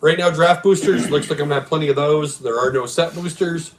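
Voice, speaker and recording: A man's voice: a little high, brisk, a little hiss or hum, poor audio. A man who runs a game store, hosting a casual stream about a game league with a laid-back, rambling way of talking. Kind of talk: casual chat.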